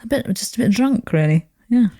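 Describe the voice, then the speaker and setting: A woman's voice: a little high, expressive, fairly quick, dark tone, dry recording, clean studio sound. A woman of forty with a British accent, hosting a podcast in casual chat, sounding sleep-deprived and laughing often. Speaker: podcast host.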